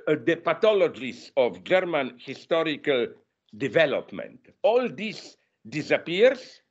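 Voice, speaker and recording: Animated male lecturer, dull lo-fi sound. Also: fairly high pitch, husky. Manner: animated, digressive, frequent self-corrections. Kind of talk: masterclass lecture. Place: university lecture room.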